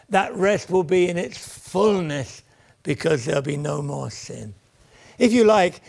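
Man preaching a sermon, slow, gravelly, earnest, dropping soft at times. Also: a little high. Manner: earnest, rises and falls, drops to near whispers.

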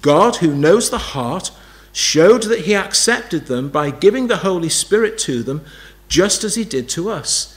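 A man's voice: high-pitched, animated, measured pace. A man preaching a sermon, emphatic, repeating key phrases and asking rhetorical questions.

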